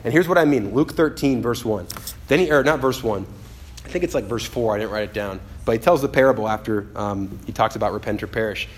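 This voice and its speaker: A man preaching a sermon in an animated, conversational way, often acting out quotes and restarting his phrases. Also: on the low side, a little fast.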